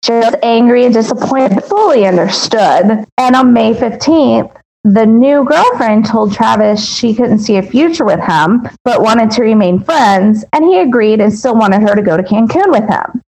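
Higher-voiced woman with wry asides. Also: lively intonation, moderate pace, darkish tone, rough recording. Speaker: podcast co-host. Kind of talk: casual true-crime narration.

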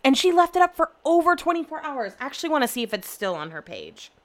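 Young woman vlogger, slightly higher voice, casual and chatty at home, swears freely. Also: quick pace. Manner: chatty, swears often, animated storytelling. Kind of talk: casual chat to camera. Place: home room.

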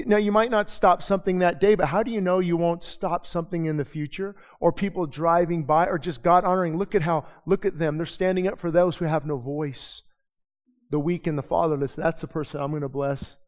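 With a conversational looseness, a male pastor works through his sermon using rhetorical questions and fleeting asides. His intonation stays fairly even, his pitch sits slightly high for a man, and sanctuary reverb lingers long.

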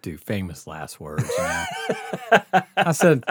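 A man's voice: mid-range voice, wildly swooping pitch, measured pace, long pauses, breathy edge, no room sound, clean studio sound. A man telling a story in casual chat, laughing often and swearing freely. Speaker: podcast host telling a story.

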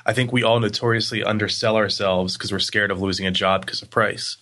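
A man in a casual interview, telling stories in a rambling, animated way with lots of fillers. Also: lowish voice, fairly quick. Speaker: agency guest.

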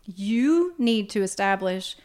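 A woman's voice: mid-range voice, animated, slow pace, darkish tone. A woman who counsels teens, talking frankly and with animation in casual podcast chat, with laughing asides.

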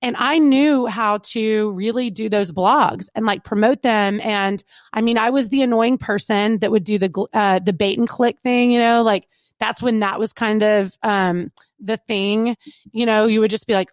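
A woman in her thirties, a radio personality, telling stories in a casual interview, chatty and animated with plenty of fillers. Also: medium pitch, normal speed, no room sound. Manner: animated, chatty, lots of fillers and quoted asides.

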